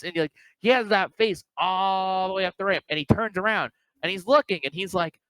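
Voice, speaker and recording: A man co-hosting a casual wrestling review, talking excitedly and acting out wrestlers' lines. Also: sits high, brisk, no room sound, rough recording. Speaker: podcast co-host.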